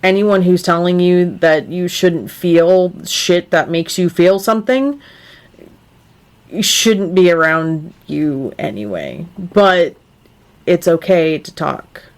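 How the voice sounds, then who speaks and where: A young woman co-hosts a relaxed podcast, speaking in an unhurried, earnest way. Her voice sits a little low for a woman, and she leans on "like" as she searches for words. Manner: earnest, lots of "like" fillers. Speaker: podcast co-host. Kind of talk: casual podcast chat.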